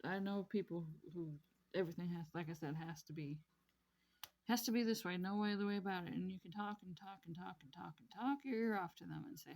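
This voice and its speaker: A woman with a fairly low, slightly mellow voice talks fairly quickly while vlogging about her craft hobby. It's a casual chat as she crafts, easygoing, rambling and repetitive.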